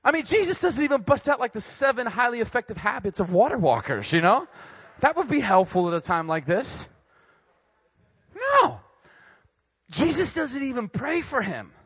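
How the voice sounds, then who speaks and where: A young man preaches with a fairly high, husky voice that leaps all over its range. He jokes and acts things out, then drops to quiet, earnest points. The sound is dry and close. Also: normal speed, dry recording. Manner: animated and joking, swings between loud and quiet. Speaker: pastor speaking to university students. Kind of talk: sermon.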